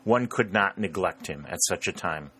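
A grave army colonel in a storybook, giving short, firm orders, as a man reads him. The voice is very low and crisp. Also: animated, moderate pace, pushed and bright, a little hiss or hum.

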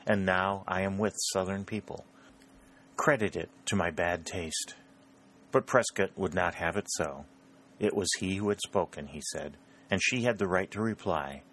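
A man narrating a novel as an audiobook, steady and measured. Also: deep voice.

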